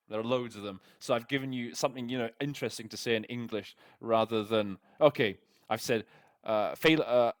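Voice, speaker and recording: A man as host of an interpreting lesson, talking casually with lots of fillers and restarts as he walks through a text. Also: mid-range voice. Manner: chatty, full of fillers and restarts. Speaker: interpreting tutor. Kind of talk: casual teaching breakdown.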